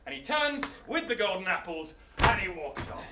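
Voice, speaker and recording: A man telling a myth on stage in a playful, animated live storytelling style. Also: high voice, normal speed, recorded from a distance, a little hiss or hum. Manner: animated, playful, laughing asides. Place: arts centre stage, live show. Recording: roomy hall, mic from afar.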